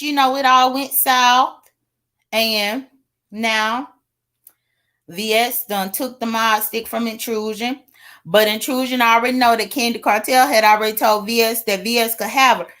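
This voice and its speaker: Sassy woman spilling tea on her livestream, high bright voice. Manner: animated, sassy, laughing asides. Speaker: livestream commentator. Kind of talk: casual gossip commentary.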